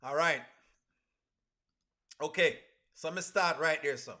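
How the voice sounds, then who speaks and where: Jamaican male streamer, high bright voice, chatty and questioning. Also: takes it slowly. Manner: asks the chat rhetorical questions, creole grammar. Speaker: reaction streamer. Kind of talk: casual live reaction commentary.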